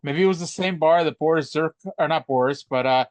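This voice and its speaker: A man's voice: fairly high pitch, fairly quick, dry recording. A man co-hosting a podcast, joking and rambling in casual chat. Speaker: podcast co-host.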